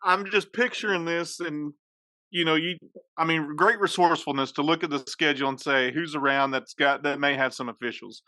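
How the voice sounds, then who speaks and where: A man's voice: fairly high pitch, fairly even intonation, fairly quick, pushed and bright, no room sound, low-quality recording. A man hosting a podcast interview, playfully teasing his guest with questions. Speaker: podcast host.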